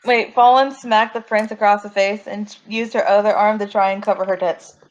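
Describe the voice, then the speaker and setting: A young woman playing a tabletop game, excitable and quick to interrupt. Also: mid-range voice, lo-fi sound. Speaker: player. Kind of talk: tabletop role-play.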